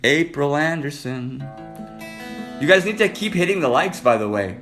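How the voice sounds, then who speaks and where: Man live-streaming, a bit high-voiced, flirty and playful, faint guitar behind. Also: sing-song, normal speed, a bit bright. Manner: flirty, playful, hyping up viewers by name. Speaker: livestream host reading viewer comments. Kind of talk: casual live-stream chat.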